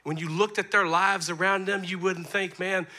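High bright-voiced preacher. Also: male voice, moderate pace. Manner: lively preaching, shifts between soft asides and loud emphasis. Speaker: pastor. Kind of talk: sermon. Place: church sanctuary.

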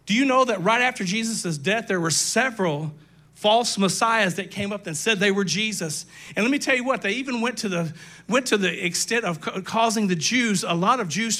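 High, bright-voiced preaching pastor. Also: male voice. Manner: emphatic preaching with sudden shouts and asides to the congregation. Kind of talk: sermon. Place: church sanctuary.

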